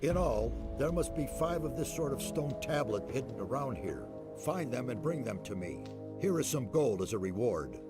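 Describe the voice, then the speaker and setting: An actor playing an elderly mage leader in a game, speaking in a solemn, measured, formal way. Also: male voice, medium pitch, sing-song, over loud music, close to an everyday voice. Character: elderly male mage leader, grave and fatherly. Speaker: game character.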